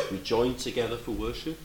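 A man preaching a sermon, animated, moving between loud emphatic lines and quiet, reflective asides. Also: medium pitch, echoey room, a little hiss or hum, poor audio.

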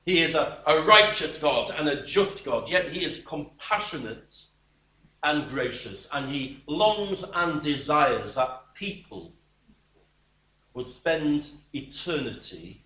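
Preacher, male, high bright tone, unhurried emphatic delivery, echoey hall sound. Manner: slow, emphatic preaching with sudden drops to a quiet voice. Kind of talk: sermon. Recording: echoey room.

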